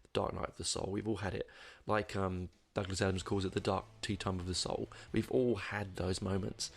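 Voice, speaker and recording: A man's voice: low voice, little pitch movement, normal speed, vocal fry. A man hosting a podcast, rambling through a casual album review with many fillers and restarts. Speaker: podcast host.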